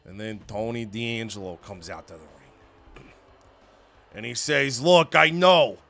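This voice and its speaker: A young man narrating a wrestling management game as an animated storyteller. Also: lowish voice, takes it slowly, vocal fry, soft background music. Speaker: gaming youtuber. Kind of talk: let's-play storytelling narration.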